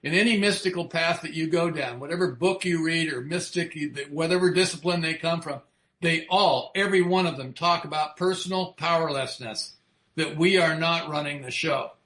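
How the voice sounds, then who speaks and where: A man's voice: a little high, normal speed, sharp tone, reverberant. A man speaking frankly about recovery, swearing freely and asking his listeners rhetorical questions. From United States. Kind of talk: recovery talk.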